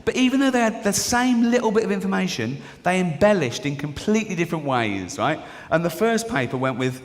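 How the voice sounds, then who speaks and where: A man's voice: high voice, big pitch swings, brisk, few pauses. A middle-aged English man performing a stand-up comedy routine, chatty and conversational, checking in with the audience as he goes. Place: large venue with an audience. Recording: reverberant live hall, audience noise.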